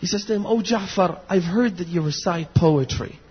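A male preacher delivering a sermon, moving between hushed storytelling and impassioned near-shouting, with a husky voice. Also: sits high, normal speed. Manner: impassioned, builds to near shouts and weeping intensity. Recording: dull lo-fi audio in a long-reverb hall.

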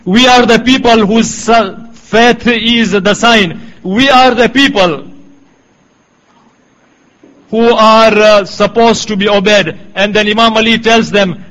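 A middle-aged man preaching a sermon in a measured, emphatic way, quoting Arabic passages. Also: sits high, fairly even intonation, fairly bright tone, rough recording.

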